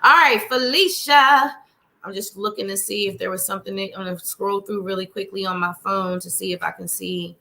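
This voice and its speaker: A woman's voice: medium pitch, fairly even intonation, fairly quick, vocal fry, bright, forceful tone. A chatty woman hosting a live tarot reading stream, greeting viewers by name and reading cards in a bubbly way. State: slightly winded. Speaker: psychic reader hosting a live show.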